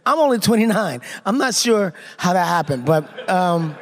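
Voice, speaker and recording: A man in his fifties talks to a live convention audience through a stage mic. His voice sits fairly high for a man, and he keeps things upbeat and playful, turning to the crowd often. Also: moderate pace, in a large hall. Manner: energetic, playful, addresses crowd directly. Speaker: convention panel guest. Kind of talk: lively convention panel talk.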